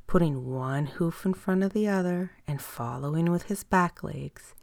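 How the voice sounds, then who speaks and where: Female storyteller for a bedtime tale: soft and lilting, with gravelly fry and a dry, close sound. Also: on the low side, dry recording. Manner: soft and lilting, slowing down and dropping to a whisper on some words.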